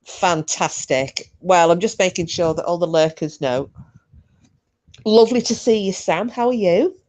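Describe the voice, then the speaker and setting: Laughing woman with a dark voice. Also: lowish voice, measured pace. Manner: chatty and laughing, bawdy banter. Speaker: livestream host. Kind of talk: casual chat with live chat viewers. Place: at home.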